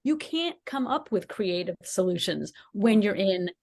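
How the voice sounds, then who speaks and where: A woman's voice: medium pitch, lively intonation, measured pace, a little mellow. A woman co-hosting a podcast, telling a personal story in casual chat and acting out the quotes with animation. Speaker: podcast co-host.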